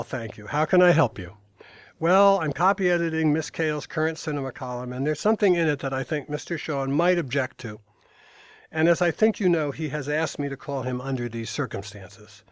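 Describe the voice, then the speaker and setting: An older man reads passages from his own memoir to an audience. His voice sits a little high, and his delivery is dry and matter-of-fact. The sound is close and dry, with no room echo. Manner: dry storytelling, brief asides to the audience. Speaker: author reading from his memoir. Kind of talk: reading aloud at a live talk.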